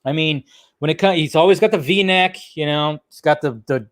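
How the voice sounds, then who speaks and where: A male host giving casual movie news commentary, excitable, swearing freely and laughing often. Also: on the high side, normal speed. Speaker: host of a film news channel.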